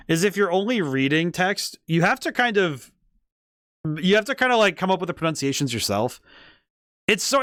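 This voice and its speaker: A man's voice: a little high, fairly bright tone, dry recording. A man streaming a game, chatting casually and thinking aloud in a rambling way. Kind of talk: casual gameplay commentary. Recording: game music playing underneath.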